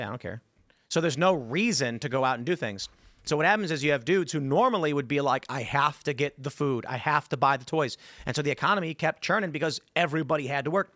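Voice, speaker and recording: A man's voice: fairly high pitch, dry recording, studio quality. A man hosting a casual panel talk show, telling stories with quoted voices. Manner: fast, animated storytelling with quoted voices. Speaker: host.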